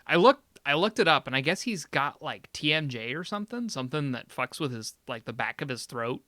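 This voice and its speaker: Animated young man, bright dry voice. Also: a little high, fairly quick, dry recording. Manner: animated, laughs often, acts out reactions. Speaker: podcast co-host. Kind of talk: casual chat.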